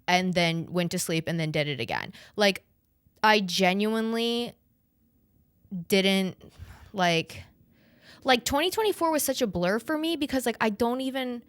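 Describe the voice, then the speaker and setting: A woman's voice: on the low side, clear, resonant tone, no room sound, studio quality. A young adult woman hosting a podcast, rambling and chatty with lots of "like" and casual swearing. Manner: chatty, profane and rambling, full of "like". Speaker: podcast host. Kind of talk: casual chat.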